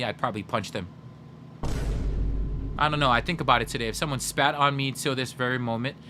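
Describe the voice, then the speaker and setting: Against a noisy background, a man with a medium-pitched voice streams a video game. In this casual livestream chat he narrates stories with energy, uses profanity, and talks right to his audience, answering their messages.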